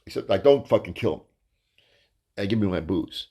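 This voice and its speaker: A man's voice: on the low side, expressive, moderate pace, mellow. A man, a stand-up comedian, telling a crude, rambling story in a ranting style and tripping over his words. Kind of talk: profane comic storytelling monologue.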